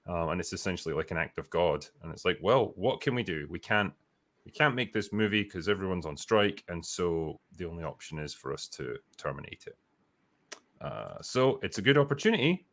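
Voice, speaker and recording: A man with a very low voice rambles through a casual livestream chat. He fills his talk with fillers and the odd swear word as he reads out viewer comments. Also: a bit bright. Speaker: livestream co-host reading chat.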